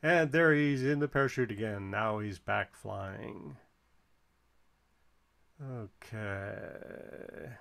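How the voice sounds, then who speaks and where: A man's voice: lowish voice, very slow, vocal fry, pauses often, fairly bright tone. A man giving casual, encouraging play-by-play while someone else flies in a video game, counting the balloon score aloud. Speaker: co-commentator watching a flight game.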